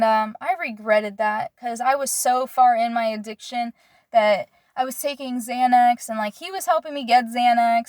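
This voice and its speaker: A young woman in earnest, halting confessional storytelling, often pausing to search for her words. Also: fairly high pitch, a little mellow, dry recording, clean studio sound.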